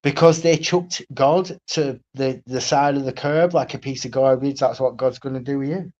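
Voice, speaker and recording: A man's voice: medium pitch, normal speed, darkish tone, lo-fi sound. Blunt, profane man ranting solo. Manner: blunt, profane, repetitive, keeps asking "right?". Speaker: streamer. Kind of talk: solo livestream rant.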